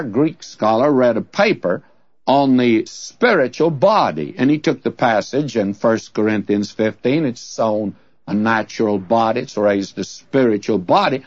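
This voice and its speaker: A man's voice: mid-range voice, no room sound. A man teaching from the Bible in a conversational sermon, telling stories in a folksy way and asking rhetorical questions. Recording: dull, dry lo-fi recording.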